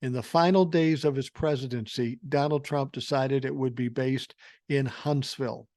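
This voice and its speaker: A man's voice: medium pitch, steady tone, moderate pace, a little mellow, no echo, clean studio sound. An older man hosting a podcast, ranting through political commentary in a profane, sarcastic and mocking way. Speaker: podcast host.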